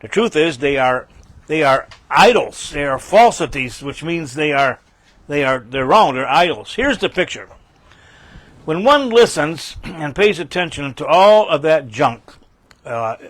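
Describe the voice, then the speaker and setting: A man's voice: on the high side, fairly bright tone, dry recording. An older man teaching a Bible passage verse by verse, folksy and emphatic, repeating key phrases.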